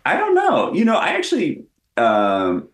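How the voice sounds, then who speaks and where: A man's voice: sits high, huge pitch swings, unhurried, roomy sound. A man talking as a guest in a casual interview, rambling and self-deprecating, with many restarts. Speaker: guest actor.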